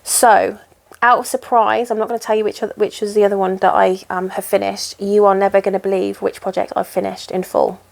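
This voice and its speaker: A cross-stitch vlogger chats casually while she stitches, rambling and making fun of herself. Her mid-range voice is creaky, with little pitch movement, and she talks a little fast.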